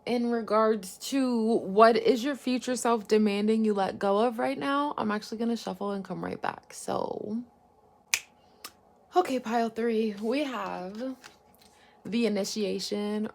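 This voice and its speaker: A woman's voice: mid-range voice, unhurried, gravelly, darkish tone. A woman giving an intuitive tarot card reading, musing aloud in a loose, informal way and swearing now and then.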